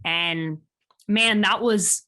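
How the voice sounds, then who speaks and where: A woman in her thirties from Chicago with a slight Chicago accent, a guest telling stories in a casual interview with animated delivery. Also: mid-range voice, extremely slow. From Chicago, USA. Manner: animated, quotes people in lively voices. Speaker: podcast guest.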